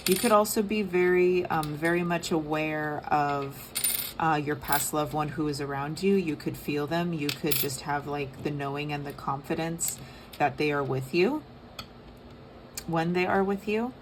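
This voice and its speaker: A young woman giving a casual tarot reading, soft and rambling with many fillers. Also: deep voice, measured pace, background noise. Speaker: tarot reader.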